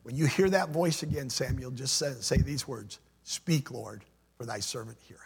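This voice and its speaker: A man voicing a weary old male priest in a hushed, low voice during a sermon. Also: normal speed, gravelly, breathy edge, in a large hall. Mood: gentle. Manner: hushed, lower than the preacher's own voice.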